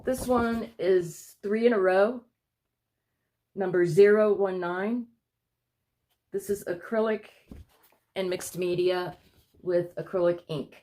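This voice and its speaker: A woman's voice: mid-range voice, fairly even intonation, slow, long pauses, mellow. A woman vlogging from home, out of breath, rambling and apologetic as she chats to her viewers. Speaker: vlogger showing her paintings. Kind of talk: casual chat to camera.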